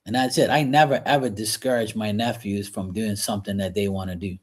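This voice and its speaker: A man hosting a casual livestream from his kitchen while washing dishes, talking frankly and rambling, often clearing his throat. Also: fairly low pitch, fairly even intonation, fairly quick. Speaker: livestream host reading chat. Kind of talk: casual chat.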